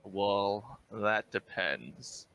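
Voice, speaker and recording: A man voicing a shrewd male tavern bartender in a tabletop game, speaking calmly and evenly. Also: fairly low pitch, drawn-out words, highs cut off, slight background noise, heavily acted.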